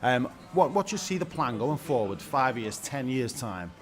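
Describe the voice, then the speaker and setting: A man interviewing a guest, asking friendly, brisk questions. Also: medium pitch, very animated, soft background music. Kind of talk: casual interview.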